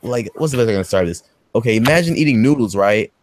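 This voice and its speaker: A man hosting a podcast, recapping a movie in casual, profane, rambling chat and acting out quotes in a high voice. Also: lively intonation, quick pace, no echo. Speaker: podcast host.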